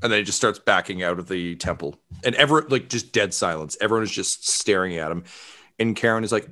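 A man's voice: deep voice, brisk, bright, forceful tone. A man narrating as game master, telling the story in a loose style full of fillers.

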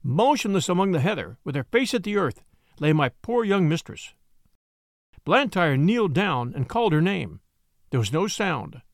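Man narrating a classic novel, high voice, dry close sound. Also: sing-song, normal speed, no echo. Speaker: audiobook narrator.

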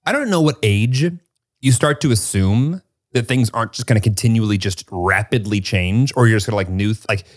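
A young man co-hosting a podcast in casual chat, musing out loud and explaining ideas with many restarts. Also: on the low side, a little fast, no room sound, clean studio sound. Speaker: podcast co-host.

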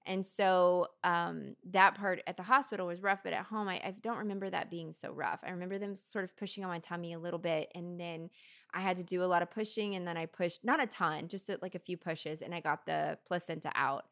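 A woman in her thirties co-hosting a podcast, telling a story in casual chat, chatty and quick to laugh. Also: lowish voice, steady tone, a bit bright. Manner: chatty, laughs often, many fillers. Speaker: podcast co-host.

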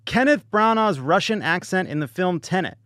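A man hosting a comedy podcast, telling jokes and animated stories with punchlines. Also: high voice, moderate pace, dry recording, studio quality. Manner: joking, animated storytelling with punchlines. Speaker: podcast host.

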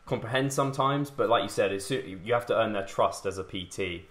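A man with a very deep voice chats in a laid-back, agreeable way on a podcast. His voice echoes around the room he is recording in. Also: a little fast, fairly bright tone. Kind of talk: casual podcast chat.

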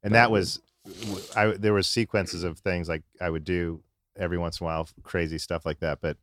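A man with a very deep voice talks in a laid-back, matter-of-fact way on a casual podcast. The recording is dry and close, with no room echo. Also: fairly even intonation, fairly quick, a bit bright. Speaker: podcast guest.

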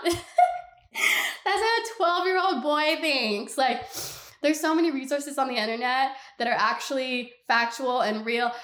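A young woman hosts her own podcast alone, ranting in a blunt, animated and exasperated way. Her voice sits a little high, and a roomy echo hangs around it. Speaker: podcast host. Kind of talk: solo podcast rant.

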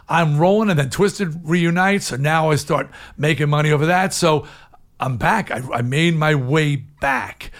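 A man in his sixties appears as an interview guest, recounting his story frankly and animatedly. He alternates between loud, emphatic bursts and low, hushed asides.

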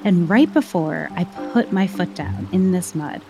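A woman's voice: fairly low pitch, a little slow, over music. A woman telling a personal story in a reflective, conversational way, with frequent fillers. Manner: reflective, uses many fillers like "like" and "you know".

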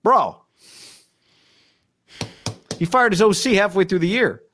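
A man's voice: high voice, expressive, slow, a bit bright, a little hiss or hum. A man co-hosting a casual football podcast, telling stories loosely and acting out what coaches say. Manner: loose storytelling, acts out coaches' quotes. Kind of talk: casual sports chat.

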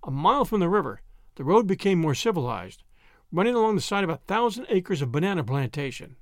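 A man reading a short story aloud, with dramatic narration and lively character voices. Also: sits high, fairly quick, no room sound, studio quality.

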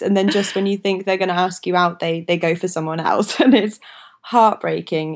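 Interview guest: woman in her twenties, casual, giggly, lots of fillers, low-ish pitch. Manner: chatty, laughs often, many hedging fillers. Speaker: actress, guest.

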